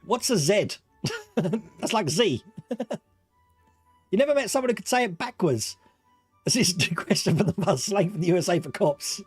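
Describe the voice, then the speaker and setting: A high, animated male voice with an Australian accent worn down by years in Britain, recorded dry and close. He hosts a livestream quiz, giggling often and drawing out the answer choices, with faint music underneath. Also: husky, dry recording. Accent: Australian mixed with British. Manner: giggly, playful, reads options slowly. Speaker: quiz host.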